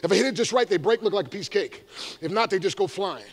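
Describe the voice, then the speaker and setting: A man, an evangelist giving an energetic motivational talk to a live audience, with shouted call-and-response. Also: high voice, quick pace, a little hiss or hum. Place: large room before a live audience.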